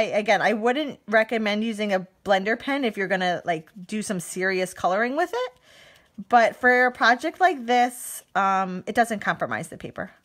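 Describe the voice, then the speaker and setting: A woman's voice: fairly high pitch, a bit bright. A woman in her thirties demonstrating card making on a live stream, chatting and laughing as she answers viewer comments.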